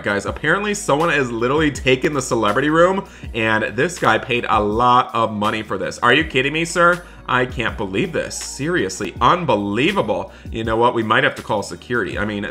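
A man's voice: medium pitch, sharp tone. A man hosting a game roleplay, talking to viewers between polite hotel-staff lines. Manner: talks to viewers, switches to polite hotel-worker voice. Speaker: gaming roleplay host. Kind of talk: roleplay commentary.

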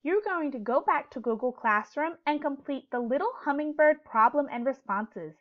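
A woman teacher leads a storybook lesson for young children, her voice lively and rising and falling with a higher pitch. She asks questions gently and clearly, and the recording sounds dull and lo-fi. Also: moderate pace.

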